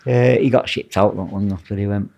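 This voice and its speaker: A man's voice: fairly low pitch, steady tone, a little fast, vocal fry, dark tone, dull audio. A man with a Manchester accent, a former prison officer telling blunt, rambling anecdotes as a podcast guest. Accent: Mancunian. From Manchester, England. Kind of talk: casual storytelling interview.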